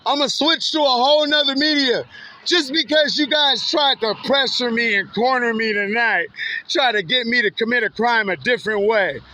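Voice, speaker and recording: A man's voice: very high-pitched, normal speed, sharp tone. A man filming outdoors by a road at night, taunting passing drivers in a mocking, swearing street monologue with frequent laughs. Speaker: vlogger filming passing cars. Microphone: handheld camera or phone. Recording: dull lo-fi phone audio with faint street noise.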